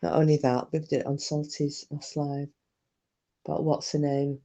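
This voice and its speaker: A woman's voice: deep voice, level tone, moderate pace, mellow. A woman hosts a casual livestream, reading comments aloud in a chatty, sweary way. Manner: chatty, sweary, laughs easily. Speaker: livestream host.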